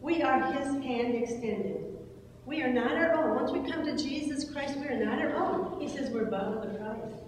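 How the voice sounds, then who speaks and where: Older woman, earnest church testimony, higher voice, far-off echoey hall. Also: a little hiss or hum. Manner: earnest storytelling with halting restarts. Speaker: speaker at a church service. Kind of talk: personal testimony sermon. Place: church sanctuary.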